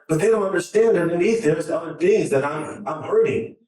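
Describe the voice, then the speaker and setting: A man's voice: high-pitched, a little fast, recorded from a distance. Earnest nervous man in an echoey hall. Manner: earnest and emotional, with many restarts. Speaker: conference speaker. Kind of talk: public talk to an audience. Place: large conference hall.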